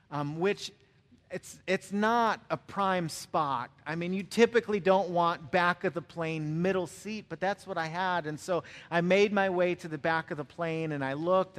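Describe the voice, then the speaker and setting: A man's voice: fairly high pitch, a bit bright. A man preaching a sermon, earnestly telling a personal story and building to emphatic repeated calls. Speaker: pastor. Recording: long hall reverb.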